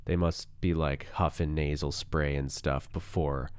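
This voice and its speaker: A man hosts a solo podcast, thinking aloud in a rambling, self-mocking way. His voice sits very low, thick with morning grogginess and a cold. The sound is dry and close. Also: steady tone, measured pace, clean tone, no room sound. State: has a cold. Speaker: podcast host. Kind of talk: casual solo podcast musing.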